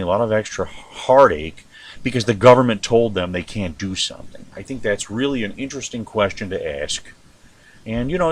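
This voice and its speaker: A man's voice: mid-range voice, a bit bright, no room sound. A man hosting a show, rambling through news commentary and asking rhetorical questions. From United States. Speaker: host.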